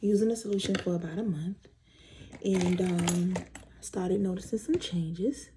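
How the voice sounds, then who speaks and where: A woman's voice: lowish voice, a little slow, dark tone, a little hiss or hum, poor audio. A woman vlogger chatting candidly with viewers while doing her makeup, repeating herself as she tells her story. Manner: candid, repetitive storytelling addressing viewers as y'all.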